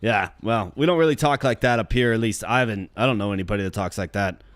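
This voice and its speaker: A man's voice: lowish voice, fast talker, no echo. A man from Minnesota, hosting a gaming channel, giving chatty, upbeat, slang-filled commentary while he plays. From Minnesota, USA. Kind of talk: casual gameplay commentary.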